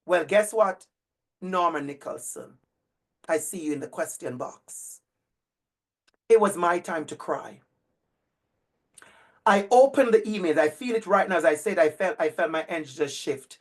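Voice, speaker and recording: A middle-aged male educator telling a story to an online audience over a video call, animated and emphatic, repeating phrases for effect. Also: a little high, a little slow, long pauses. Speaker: educator and speaker.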